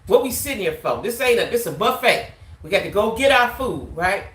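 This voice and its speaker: A woman vlogger telling a casual storytime tale, animated, ending her lines with "right?". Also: medium pitch, brisk, reverberant.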